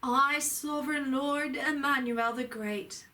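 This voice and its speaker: A woman channeling a spiritual message in a slow, solemn preaching delivery with emphatic rises. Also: high-pitched, steady tone, bright, forceful tone, distant mic. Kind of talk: channeled sermon.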